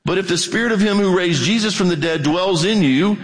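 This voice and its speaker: A man's voice: sits high, a little fast, long reverb tail, a crowd in the background, low-quality recording. A man preaching a sermon, reading scripture aloud and asking the listeners earnest questions.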